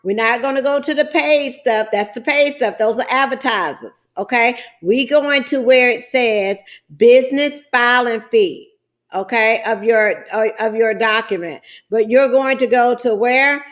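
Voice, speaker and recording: High-voiced chatty woman. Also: measured pace. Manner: folksy, chatty, calls viewers guys and child. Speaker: trucking business coach. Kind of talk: screen-share tutorial.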